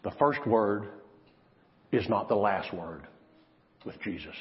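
A man preaching with a lively, rising and falling delivery, dropping to near-whispers for emphasis. The sound is slightly dull and lo-fi, with a long reverb tail from a big hall. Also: fairly high pitch, takes it slowly. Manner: dramatic preaching, swinging from loud to hushed. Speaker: pastor. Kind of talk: sermon.

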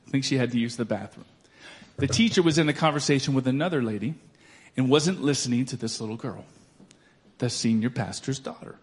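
A man preaching a sermon, swinging from loud declarations to soft storytelling. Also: medium pitch, a little fast. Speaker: pastor.

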